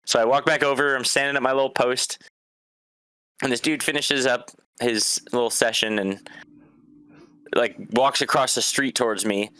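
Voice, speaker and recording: Young male guest, bright and forceful voice, animated storyteller, dry close sound. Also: medium pitch, moderate pace, pauses often, clear, resonant tone, no echo. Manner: animated, laughs often, swears, acts out voices. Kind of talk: casual storytelling.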